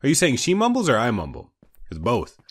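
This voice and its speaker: A man's voice: mid-range voice, huge pitch swings, fairly quick, a little hiss or hum. A man hosting a casual gaming video, playful and jokey, slipping into silly voices. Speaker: host.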